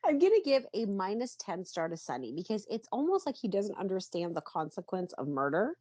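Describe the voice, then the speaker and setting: A woman co-hosting a podcast in a casual chat, steering the talk along in a relaxed way. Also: medium pitch, a little fast, no echo. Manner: relaxed, wraps up segments. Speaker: podcast co-host. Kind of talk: casual chat about a soap opera.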